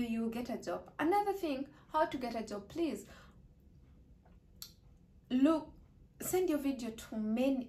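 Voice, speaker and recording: A young woman vlogger giving casual job advice in an emphatic, coaching way, repeating her points. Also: on the high side.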